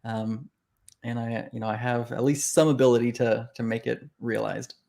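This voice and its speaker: Male author guest, casual chat, animated storyteller, mid-range voice. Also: mid-range voice, moderate pace, creaky. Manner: animated storyteller, acts out quoted reactions.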